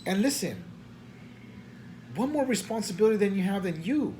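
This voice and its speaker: A man's voice: sits high, expressive, moderate pace, mellow, slight background noise. A man, a preacher venting late at night in rambling, slangy talk full of stammered restarts and frustration. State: tired at night.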